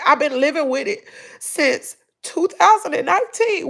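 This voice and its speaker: A middle-aged woman with a Southern US accent speaks in a high, gravelly voice. She talks through tears in a personal vlog, with sighs between her words. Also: lively intonation, normal speed, fairly bright tone. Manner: tearful, sighing, breaking into crying. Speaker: vlogger. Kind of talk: emotional personal vlog talk.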